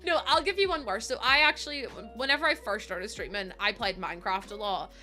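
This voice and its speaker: A woman's voice: on the high side, brisk, pushed and bright, soft background music. A young woman with a Northern Irish accent, chatting casually to her live stream audience, laughing often and swearing now and then. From Northern Ireland.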